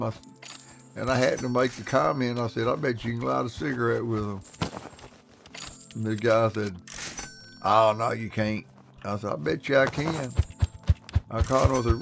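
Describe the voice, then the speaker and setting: Man, gravelly and mid-pitched, telling folksy stream stories with faint music behind. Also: steady tone, moderate pace, pauses often, fairly bright tone. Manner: folksy, laughs often, acts out his quotes. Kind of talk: casual storytelling on a live stream.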